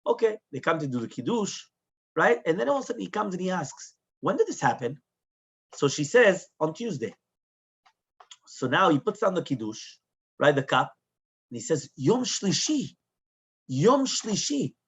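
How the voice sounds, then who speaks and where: A man's voice: fairly high pitch, normal speed, pauses often, slightly rough. A man, a rabbi, telling a lesson story in English with Hebrew terms, acting out the people in it and asking his listeners "right?" again and again. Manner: animated storyteller, acts out the people in his tale; mixes Hebrew terms into English, with frequent tag questions. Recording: dull, lo-fi recording.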